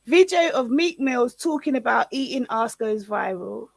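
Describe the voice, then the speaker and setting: A woman co-hosting a casual live stream, chatty and quick to clarify her point. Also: on the high side, animated, creaky, dry recording.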